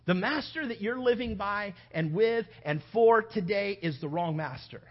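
A man's voice: high-pitched, moderate pace, muffled recording. A male pastor preaching a sermon, acting out everyday scenes with playful shifting voices. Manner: animated, acts out little scenes with shifting voices.

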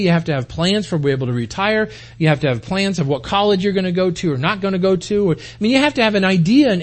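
A high-pitched, husky male voice with a darkish tone belongs to a US pastor in his forties. He preaches to a church-hall congregation in a folksy, conversational style loaded with rhetorical questions.

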